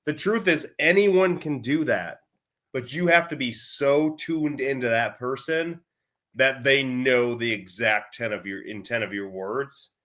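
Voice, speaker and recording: A man's voice: mid-range voice, measured pace, fairly bright tone. A man co-hosting a casual conversation, responding with engaged, reflective remarks. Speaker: co-host.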